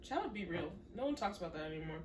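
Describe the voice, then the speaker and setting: Young woman, stuffy congested voice, lively pitch, playful podcast chat, roomy echo, set back from the mic, faint hiss. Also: very fast, recorded from a distance. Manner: playful, laughs often, dry jokes. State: congested, wheezing. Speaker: podcast co-host. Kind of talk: casual chat.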